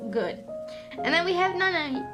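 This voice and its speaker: A woman's voice: extremely high pitch, sing-song, moderate pace. A woman streamer with a stuffy nose, chatting casually on a livestream, emotional and tearful, rambling and swearing. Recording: music playing under voice. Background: background music.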